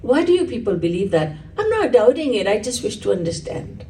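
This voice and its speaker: A woman's voice: a little high, very animated, a little fast, warm tone, recorded from a distance, slight background noise. A woman voicing a puzzled male king who asks questions and grows indignant in a story. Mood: curious.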